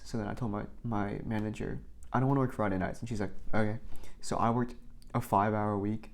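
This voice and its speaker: Speaking fast, this young man rambles through work anecdotes for his vlog, filling the gaps with "like" and frequently starting over. His voice is lowish with fairly even intonation.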